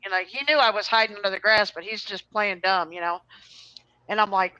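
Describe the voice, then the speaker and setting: Woman host rambling thru a story, bright sharp voice, dry close sound. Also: mid-range voice, steady tone, a little fast, dry recording, highs cut off. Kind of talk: casual chat, storytelling.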